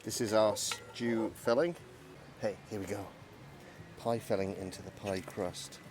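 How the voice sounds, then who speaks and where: Loud music plays behind a man whose voice sits on the low side, steady and a little slow. He's hosting an outdoor cooking vlog in the woods, casually talking through every step and making fun of himself.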